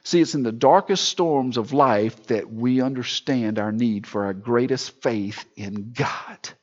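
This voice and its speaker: Male pastor, husky, impassioned pulpit delivery, hushed to loud, muffled recording. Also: medium pitch, measured pace. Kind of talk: sermon.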